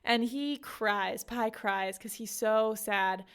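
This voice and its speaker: Taking it slowly, a young podcast host with a slightly high, clean-toned voice offers a casual rundown of a novel. She chats her way through the story, leaning heavily on "like" and other fillers.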